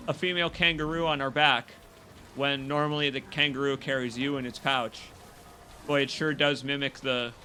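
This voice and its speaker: A young male streamer gives live gameplay commentary with a bright, forward voice. He jokes and reacts excitably, switching between talking to viewers and talking back at the game. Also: medium pitch, a little hiss or hum. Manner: jokey, excitable, talks to chat and to the game. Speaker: gaming streamer.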